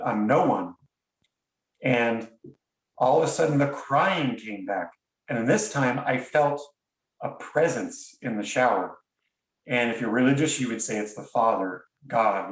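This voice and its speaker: A man, a podcast guest, tells a personal story in an earnest, reflective way, often stopping and restarting his sentences. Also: medium pitch. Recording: roomy sound, distant from mic.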